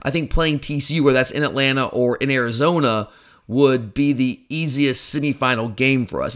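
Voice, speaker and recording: A man's voice: medium pitch, normal speed, fairly bright tone. A man co-hosting a sports podcast, talking casually in a rambling, opinionated way about college football. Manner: rambling, opinionated, self-deprecating. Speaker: podcast co-host.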